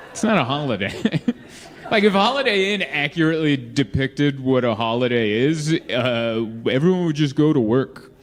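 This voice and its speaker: A man doing a stand-up comedy set in a club, telling stories with lively delivery and acting out the people in them. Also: medium pitch, moderate pace, noisy background. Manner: lively storytelling, acts out quoted people in shifting voices. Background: audience laughter.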